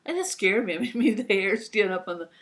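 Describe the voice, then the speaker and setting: A woman in her fifties chats into her computer mic at a middle pitch, telling personal stories in a rambling, casual way. She keeps breaking into the voices of the people in her stories. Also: expressive, quick pace. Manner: rambling, acts out quoted voices. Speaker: vlogger. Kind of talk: casual anecdotal storytelling.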